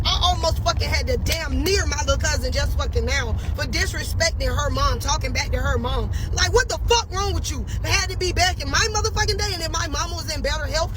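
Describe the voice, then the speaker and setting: Brief: very high-pitched voice in a fast, profane, fiery rant. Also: poor audio. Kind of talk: ranting.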